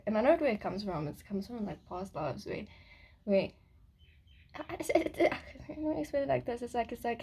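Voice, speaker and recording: Chatty woman musing about spirit stuff, husky and kinda gravelly, keeps laughing. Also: on the high side, sing-song, normal speed, warm tone. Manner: rambling, giggly, casual swearing. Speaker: spiritual vlogger. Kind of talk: casual rambling monologue.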